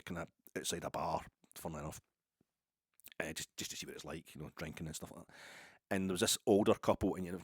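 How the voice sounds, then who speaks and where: A man's voice: deep voice, husky, no echo, studio quality. A man from Ayrshire with a Scottish accent, telling a rambling, digressive story in a casual monologue. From Ayrshire, Scotland. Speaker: football podcaster.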